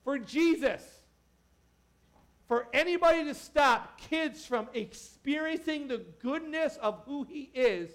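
A man preaching a casual, conversational sermon as a pastor, animated and joking, with many asides to the congregation. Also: very high-pitched, slow.

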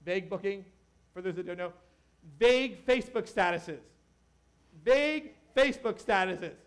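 Male pastor with a high voice; animated, joking, conversational preaching. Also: moderate pace, clear, resonant tone. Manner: animated, joking, talks to the crowd with asides. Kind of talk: casual conversational sermon.

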